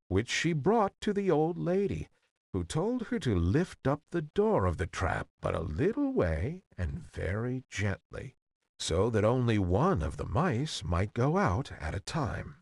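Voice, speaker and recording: A man reads an old fairy tale aloud in an old-fashioned, expressive style. His pace is slow and his pitch moves widely. The recording sounds dry and close. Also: no room sound. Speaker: narrator. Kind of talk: storybook reading.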